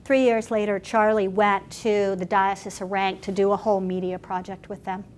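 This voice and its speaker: A woman pastor telling stories in a workshop talk, animated and chatty with frequent restarts. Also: mid-range voice, moderate pace, a little hiss or hum.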